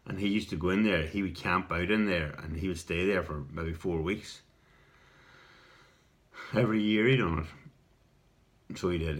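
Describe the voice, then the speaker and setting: Middle-aged irish man, very deep voice, rambling casual storytelling, clears his throat. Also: fairly bright tone. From Ireland. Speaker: video response storyteller.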